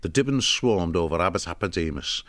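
A man narrating a storybook in a measured, expressive reading voice at a close studio mic. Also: low-pitched, no echo.

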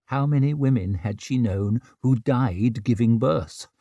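A man narrating an audiobook with expressive storytelling. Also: medium pitch, unhurried, dry recording, dull audio. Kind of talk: scripted narration. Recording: dry close studio sound.

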